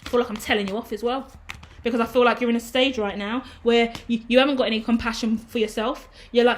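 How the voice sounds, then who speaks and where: A woman's voice: a little high, fairly even intonation, quick pace. A woman giving a casual tarot reading, emphatic and preachy, swearing freely. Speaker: tarot reader.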